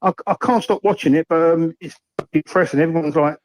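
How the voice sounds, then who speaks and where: A man's voice: a little high, fairly quick, no echo, low-quality recording. Rambling man calling in by phone. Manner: rambling, hesitant, full of ums. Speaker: caller. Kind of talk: phone-in football chat.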